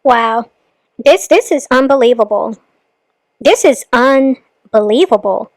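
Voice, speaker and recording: A woman's voice: high-pitched, animated, a little mellow, no room sound, poor audio. A woman hosting a reaction channel, commenting critically and with disbelief on a clip she has just played. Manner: critical, incredulous, measured.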